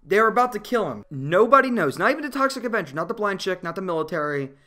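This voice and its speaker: A movie reviewer ranting casually about a film, profane and exasperated, laughing often and getting loud at times. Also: mid-range voice, fast. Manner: animated, rising to loud outbursts.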